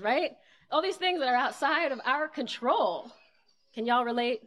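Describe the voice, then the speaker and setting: A woman leading a live group breathing workshop, talking casually and encouragingly and counting the breaths out loud. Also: high voice, normal speed. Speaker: breathwork instructor.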